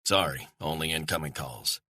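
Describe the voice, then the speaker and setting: A wary American operative who speaks in short, guarded lines, as a male narrator voices him. The voice is deep and husky with a sharp edge, recorded dry and close. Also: normal speed, dry recording, full character voice. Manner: terse, guarded.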